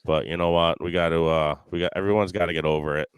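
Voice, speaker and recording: A man's voice: deep voice, fairly even intonation, fast talker, smooth, dry recording. A man hosting a casual podcast, telling stories in a rambling way with lots of fillers and restarts. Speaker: podcast host.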